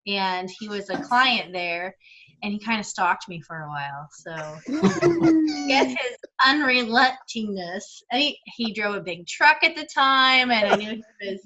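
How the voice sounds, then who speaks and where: A woman guest telling a story in a relaxed, giggly way on a radio talk show. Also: mid-range voice, a little slow, highs cut off. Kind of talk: casual chat.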